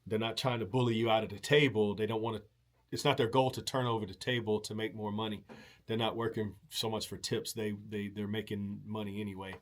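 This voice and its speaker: A man's voice: on the low side, fairly even intonation, brisk. A man hosting a show, telling a rambling, casual story with many fillers, restarts and casual swearing. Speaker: show host.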